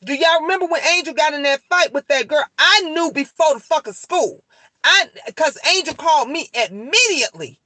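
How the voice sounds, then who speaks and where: Bright, emphatic middle-aged woman livestreaming. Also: sits high, lively intonation, normal speed, no echo. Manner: emphatic, heated and profane, repeating her points; talks straight to her viewers, answering their comments. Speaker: livestreamer talking to her chat. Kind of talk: casual livestream chat.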